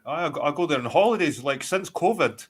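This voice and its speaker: A man's voice: on the high side, lively intonation, quick pace, breathy edge. A man with a Scottish accent, talking bluntly in a rambling, heavily sworn live-stream chat. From Scotland. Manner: blunt, heavy swearing, rambling. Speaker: guest.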